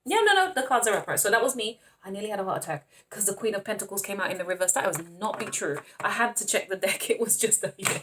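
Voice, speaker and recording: Excitable woman reading tarot. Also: mid-range voice, fast, few pauses. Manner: excitable, laughs often, calls viewers honey and darling. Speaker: tarot reader. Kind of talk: casual tarot reading to camera.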